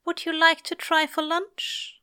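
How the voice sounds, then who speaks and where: A nervous, soft-hearted angel of a man, high-pitched and quavering, voiced by a woman reading aloud. He pleads more than he speaks, and his lines lift sharply above the narration. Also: monotone, a little slow, exaggerated voice. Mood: forced brightness. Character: anxious fretful male angel, gentle and pleading.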